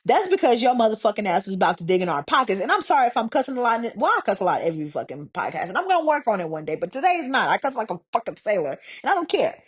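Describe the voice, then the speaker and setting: A young woman from Texas hosts her own podcast and rants solo, cursing constantly and full of sarcasm. Her voice sits a little high for a woman, and she swings between drawn-out mockery and quick, heated outbursts. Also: big pitch swings, breathy edge. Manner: profane, heated and sarcastic, mocking others in put-on voices. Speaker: podcast host. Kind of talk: casual solo podcast rant.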